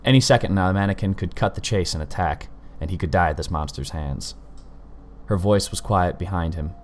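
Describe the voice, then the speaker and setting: A man narrating a story with measured, steady storytelling. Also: low voice.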